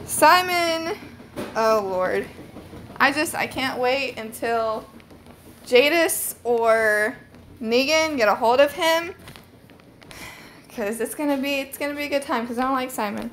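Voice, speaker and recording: A fairly high-voiced young woman chats through a casual live stream from her phone at home. She rambles easily and leans on "like" as a filler. A faint hiss sits under her voice. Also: unhurried, pauses often, a bit bright. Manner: chatty and rambling, many "like" fillers.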